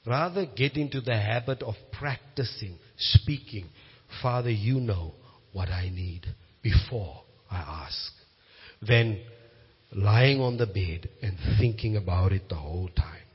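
A man with a South African accent preaching a sermon, moving from quiet storytelling to loud, emphatic declarations. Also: on the low side, a little slow, husky. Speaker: pastor. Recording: muffled sound with long hall reverb.

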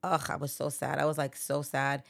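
Mom in her 60s, low voice, rambly, tons of "you know", dry sound. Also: little pitch movement, moderate pace, vocal fry, no room sound. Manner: rambling, heavy "you know" fillers and restarts. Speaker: guest, mother of the hosts. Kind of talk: casual family chat. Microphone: remote podcast setup.

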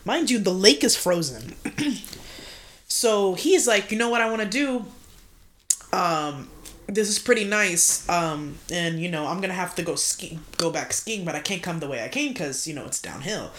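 A woman with a somewhat low voice co-hosts a podcast, spinning a story in loose, slangy talk. She swears constantly and keeps the telling lively and animated. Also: moderate pace. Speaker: podcast co-host. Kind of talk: casual storytelling chat.

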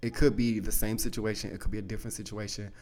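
Man, podcast host, low voice, casual storytelling, rambling, candid. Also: little pitch movement, quick pace, a little mellow. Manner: rambling, heavy use of "like" and "you know".

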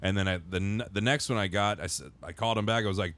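Guy on a podcast telling a long winded story, kinda low voice, lots of restarts. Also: quick pace, few pauses, a bit bright. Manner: rambling, self-correcting anecdote. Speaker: podcast co-host. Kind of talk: casual chat, storytelling.

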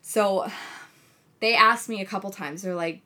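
A young woman chatting casually as a podcast co-host, telling a blunt, heavily sworn, animated story. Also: mid-range voice, moderate pace. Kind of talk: casual chat.

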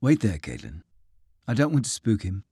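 A man doing a gentle weary army chaplain. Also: on the low side, wildly swooping pitch, normal speed, husky, no echo, clean studio sound, pitched below the performer's own voice, heavily acted. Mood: coaxing. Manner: soft, coaxing.

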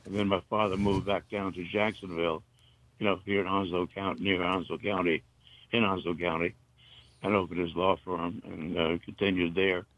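An older man from North Carolina, a retired broadcaster, reminiscing in a halting, rambling way with many fillers. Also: low-pitched, level tone, fairly bright tone, no echo. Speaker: interview guest, retired broadcaster. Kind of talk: casual reminiscing. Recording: dull, muffled dry recording.

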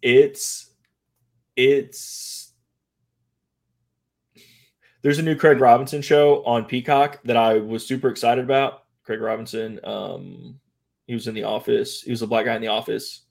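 A young man from the American Midwest chatting casually on a podcast. He tells stories with animation and jumps his voice high when he quotes people. His pitch sits in the middle of the male range. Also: steady tone, unhurried, creaky, long pauses, a little mellow. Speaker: podcast co-host. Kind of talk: casual chat.

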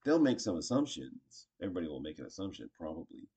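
A man's voice: low voice, big pitch swings, fast talker, dark tone, slightly rough. A man casually teaching improv, chatty and acting out short example lines. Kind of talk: casual instructional talk.

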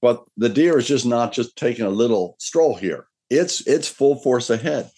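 A man preaching a sermon as pastor, earnest, slowing down to read scripture aloud. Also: mid-range voice, expressive, warm tone, husky. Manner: earnest preaching, slows and lifts his voice when reading scripture.

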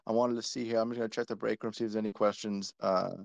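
A man hosting a casual live audio chat, relaxed and joking as he calls on speakers. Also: lowish voice, quick pace, creaky, no echo, highs cut off. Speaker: host.

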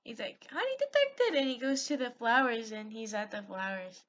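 A woman's voice: a little high, moderate pace, fairly bright tone, muffled recording, slight background noise. A woman hosting her own podcast, giggly and rambling, recapping a video with lots of fillers and swearing. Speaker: podcast host. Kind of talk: rambling solo podcast chat. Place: at home, on a call with a friend.

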